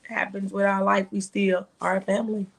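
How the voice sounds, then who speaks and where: A woman's voice: mid-range voice, flat delivery, brisk, vocal fry, breathy edge. An older woman, a grandmother guest, talking reflectively in a casual chat.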